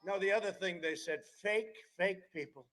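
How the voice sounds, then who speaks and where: At a campaign rally, a politician in his seventies delivers a rambling, digressive speech peppered with mocking remarks. His voice sits high and sounds a bit bright, and he speaks at a moderate pace. The recording quality is low.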